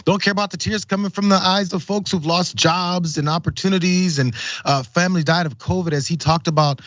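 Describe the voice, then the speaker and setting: A man's voice: high-pitched, fairly even intonation, a little fast, fairly bright tone, no echo, dull audio. A man co-hosting a political commentary show, indignant and emphatic. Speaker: co-host.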